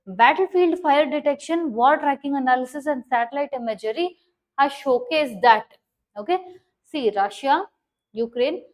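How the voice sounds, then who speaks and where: A high-pitched woman delivers a current affairs lesson. She stresses key words and keeps asking listeners if they are following along. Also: a little mellow, rough recording. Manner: repeats checks like "understanding?" and "okay", stresses key words. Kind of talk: explanatory lecture on current affairs.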